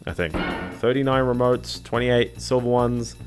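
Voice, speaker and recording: A man's voice: medium pitch, moderate pace. A man casually commenting while streaming a video game, rambling and hedging with little chuckles to himself. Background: game music.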